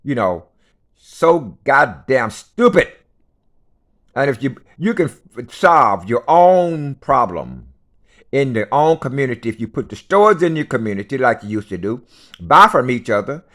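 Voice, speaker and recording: A man's voice: medium pitch, lively intonation, fairly quick, sharp tone. A man delivering an unscripted rant, blunt and profane, lecturing his listeners and hammering each point home with repetition.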